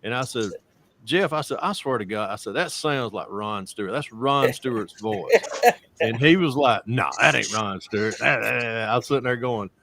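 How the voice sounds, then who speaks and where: A man's voice: mid-range voice, lively intonation, moderate pace, vocal fry, fairly bright tone, a little hiss or hum. A man hosting a casual video-call hangout, rambling through stories and laughing often. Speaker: host. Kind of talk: casual chat.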